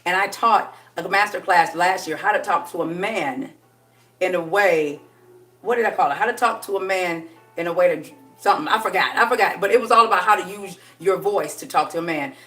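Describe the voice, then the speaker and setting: A woman coaching on dating in a casual live stream, chatty and sassy, laughing often and dipping into a low voice for effect. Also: brisk, fairly bright tone, distant mic, soft background music.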